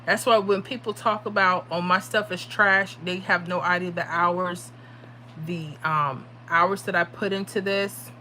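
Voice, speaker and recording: A woman's voice: fairly low pitch, steady tone, unhurried, pushed and bright, slight background noise. A tired woman hosting a casual livestream, chatting and reading out viewer comments. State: tired from little sleep. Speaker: livestream host giving lottery predictions.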